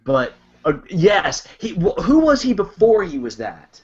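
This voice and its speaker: Man rambling through an animated story. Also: sits high, unhurried, slight background noise. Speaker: podcast co-host. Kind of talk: casual chat. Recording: dull lo-fi podcast audio.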